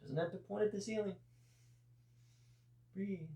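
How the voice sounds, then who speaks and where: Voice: medium pitch, fairly even intonation, a little slow, dark tone, far from the mic. A yoga teacher guiding a live class through breath and poses, with chatty asides. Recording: roomy, voice from off-mic.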